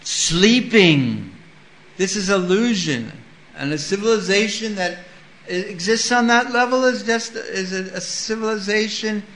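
A man giving a sermon, reading a scripture passage and explaining it with lively stories. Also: high-pitched, reverberant, low-quality recording. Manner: storytelling with acted-out voices. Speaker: spiritual teacher.

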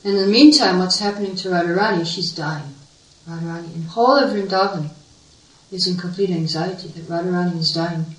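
A woman's voice: lowish voice, a little fast. A woman telling a devotional story as a sermon, earnest and vivid, acting out the quotes. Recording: echoey room, voice far from mic.

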